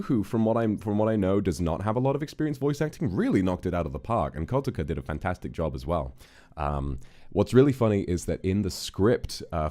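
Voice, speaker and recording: A man's voice: low-pitched, mellow. A man chatting casually on a livestream, rambling and restarting his sentences with repeated words, in a reflective, amused way. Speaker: streamer.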